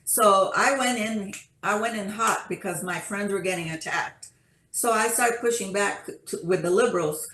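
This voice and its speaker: A woman's voice: mid-range voice, moderate pace, slight background noise. Woman panelist telling a story, echoey room. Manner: animated storytelling with many restarts. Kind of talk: casual panel chat.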